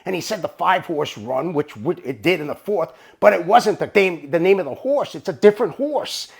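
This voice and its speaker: A man telling a rambling, profane story to camera in a casual, animated way. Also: high-pitched, normal speed, vocal fry, husky. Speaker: storyteller recounting his bookmaking days.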